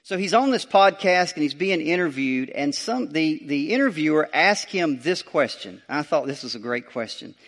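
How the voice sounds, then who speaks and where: A man's voice: fairly high pitch, lively intonation, normal speed, few pauses, a bit bright. Emphatic preacher man. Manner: emphatic preaching with repeated phrases and rising surges. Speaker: pastor. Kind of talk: sermon.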